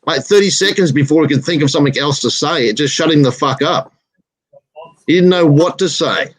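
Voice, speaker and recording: A man's voice: a little high, brisk, dry recording, rough recording. A man telling a blunt, swearing driving story in casual chat.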